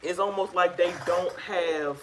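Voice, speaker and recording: A woman sharing her own experience as a guest on a live chat, telling it in an emphatic, animated way. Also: on the low side, measured pace, a little hiss or hum, rough recording. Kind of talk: casual live-stream chat.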